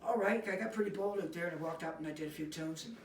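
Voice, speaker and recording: A man from the East Coast, a musician guest telling rambling, animated stories in a casual interview. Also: fairly high pitch, very fast. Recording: roomy, distant mic, noisy.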